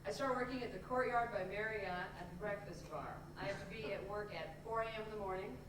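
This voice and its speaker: A woman from Indianapolis performing a self-mocking comic monologue on stage, with many restarts and quick switches. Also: medium pitch, noisy background. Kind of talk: live comic storytelling monologue. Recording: echoey stage sound from far off.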